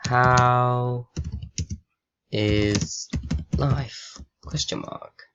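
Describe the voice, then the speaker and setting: Slow-talking sarcastic young man. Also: medium pitch, fairly even intonation, fairly bright tone, clear, resonant tone, highs cut off. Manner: sarcastic, swears, reads typed questions aloud. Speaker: vlogger. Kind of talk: casual chat with a chatbot.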